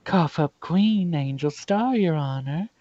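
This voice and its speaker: A man voicing a sassy Southern woman, a former detective turned lunch vendor, with a put-on Southern drawl and a husky sound. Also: a little high, lively intonation, slow, mellow, dry recording, pitched above the performer's own voice. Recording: dull lo-fi recording.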